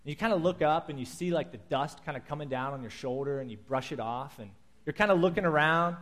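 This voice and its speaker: A man preaching a sermon, telling a scripture story in vivid, animated detail and acting out its scenes. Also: fairly high pitch, fast.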